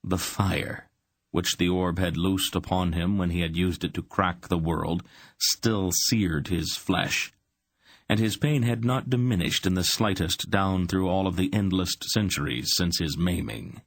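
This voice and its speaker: A man narrating a fantasy audiobook in a steady, unhurried way. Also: low-pitched, no echo. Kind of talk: scripted narration.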